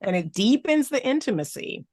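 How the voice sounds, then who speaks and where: Animated woman coach, dry close sound. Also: a little high, normal speed, no echo. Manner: animated, emphatic, repeats phrases for effect. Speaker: therapist and relationship coach. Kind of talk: podcast interview guest.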